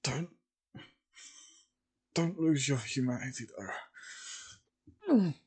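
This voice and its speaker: A man's voice: on the high side, animated, very slow, a little mellow, breathy edge, heavily acted. A man voicing a dying middle-aged father pilot who stammers and coughs weakly as he pleads with his son. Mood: dying, pleading.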